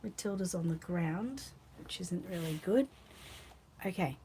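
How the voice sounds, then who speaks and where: A woman's voice: fairly low pitch, lively intonation, unhurried, warm tone, slight background noise. An Australian woman hosting a casual live chat, rambling and reading out viewer comments while tired and yawning. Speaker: channel host.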